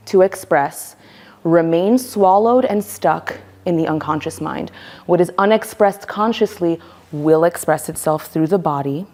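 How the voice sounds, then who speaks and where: A woman's voice: fairly low pitch, moderate pace, darkish tone. Emphatic woman teaching a voice workshop. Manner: emphatic, demonstrates voices as she explains. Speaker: workshop leader.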